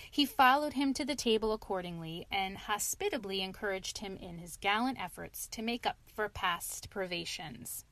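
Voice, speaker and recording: A woman's voice: mid-range voice, dry recording. Woman reading a storybook aloud, dry close sound. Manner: expressive reading with occasional slips. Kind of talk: reading a children's classic aloud.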